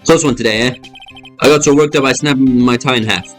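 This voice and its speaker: A man voicing a gruff, loyal police detective who keeps calling people pal. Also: mid-range voice, brisk, soft background music, close to an everyday voice. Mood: gung-ho. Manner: blustery, calls people pal.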